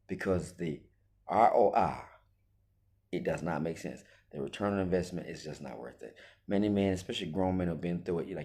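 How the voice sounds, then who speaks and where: In a deep, dark-toned voice at normal speed, a male commentator gives a forceful opinion monologue, firing off rhetorical questions and performing the voices of the people he quotes.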